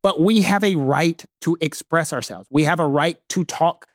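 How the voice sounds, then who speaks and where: A man with a Southern American accent holds forth on legal matters in a lecturing, emphatic way, stacking repeated phrases. His voice sits high for a man, and the recording is dry and close. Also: normal speed, dry recording. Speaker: legal commentator co-host. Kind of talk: podcast discussion.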